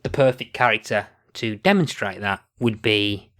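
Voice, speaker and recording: A man with a fairly low voice joins a podcast as a guest. He thinks aloud in a measured, casual way. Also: expressive, fairly bright tone. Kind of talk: casual chat.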